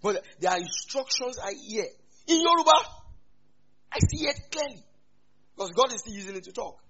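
A man with a Nigerian accent preaching a sermon as a pastor, animated, with sudden loud rises. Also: extremely high pitch, moderate pace, husky, lo-fi sound.

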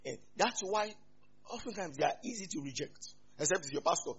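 A man with a Nigerian accent preaching a sermon as a pastor, animated, with sudden loud rises. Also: high-pitched, a little fast, breathy edge, lo-fi sound.

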